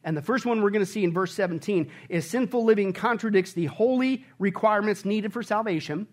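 Male pastor, sermon delivery, higher-pitched voice, emphatic, with rhetorical questions. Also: brisk.

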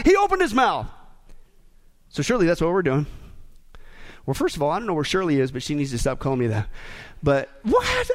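A man's voice: very high-pitched, a bit bright. A man preaching a sermon in a joking, exclamatory manner. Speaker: pastor.

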